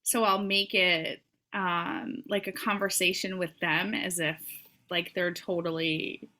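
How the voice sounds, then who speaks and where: A woman's voice: lowish voice, level tone, slow, pushed and bright. A woman guest on a podcast who runs a small business, talking in a hesitant, thoughtful way with many fillers. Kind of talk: casual conversational chat.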